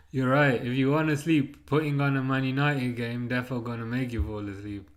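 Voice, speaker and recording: A man's voice: mid-range voice, measured pace. A man streaming a live football watchalong, chatting casually and ranting with many restarts. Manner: rambling, excitable rants with repeated restarts.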